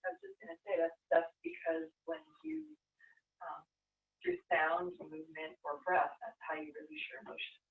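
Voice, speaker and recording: A group member quickly explaining how movement and breath release emotions. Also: mid-range voice, sing-song. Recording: tinny phone-like lo-fi recording.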